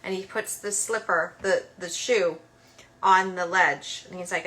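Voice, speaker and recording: A woman's voice: fairly low pitch, steady tone, unhurried, fairly bright tone. A woman hosting her own show, talking casually and emphatically, with lots of filler words. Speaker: host. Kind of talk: casual monologue.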